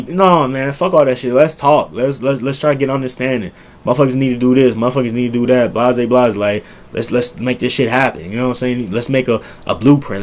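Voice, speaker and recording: A young man, giving profane, preachy relationship advice in a casual monologue that keeps circling back to the same points. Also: fairly high pitch. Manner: profane, preachy, repetitive, rises loud when making a point. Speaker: relationship vlogger.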